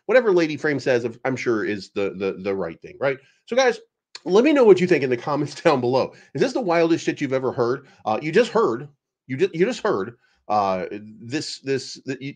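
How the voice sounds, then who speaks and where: A man giving a rambling, sarcastic and profane commentary as the host of an online channel. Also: mid-range voice. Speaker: crypto YouTube commentator. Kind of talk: casual ranting commentary.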